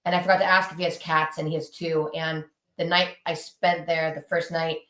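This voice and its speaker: A woman in her thirties from Southern California, a punk band musician, chats in a casual interview from home with her dogs, telling stories animatedly and swearing freely. Her voice sits low with little pitch movement, fairly quick and fairly bright, in an echoey room.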